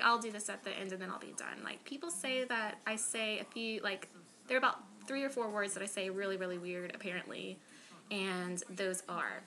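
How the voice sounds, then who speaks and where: A woman's voice: medium pitch, pushed and bright. A woman from Florida chatting casually to camera in a rambling, self-deprecating way, full of "um" and "like.". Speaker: vlogger.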